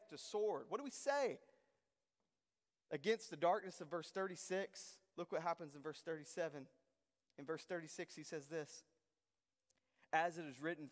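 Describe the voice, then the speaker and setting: A man's voice: sits high, in a large hall. A man preaching a sermon as a pastor, reading scripture aloud and then driving it home with impassioned, emphatic declarations.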